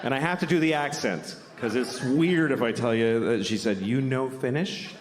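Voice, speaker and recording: A male stand-up comedian ranting bluntly and profanely, his pitch swinging widely between flat grumbles and high outbursts. He sounds loose and conversational, recorded live through a stage mic. The sound carries a long, echoing hall reverb with a clearly heard murmuring crowd behind him. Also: fairly quick, noisy background. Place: theater stage before a laughing audience.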